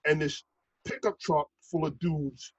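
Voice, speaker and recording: A man's voice: fairly high pitch, measured pace, breathy edge, no echo, muffled recording. A man, talking casually and swearing freely as he tells stories. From Brooklyn, New York. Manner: profane, animated storyteller. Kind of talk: casual chat.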